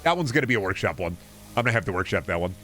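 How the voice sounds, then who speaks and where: A man's voice: low-pitched, lively intonation, racing, a bit bright, soft background music. A man streaming a game, chatting casually in a rambling, profane, jokey way.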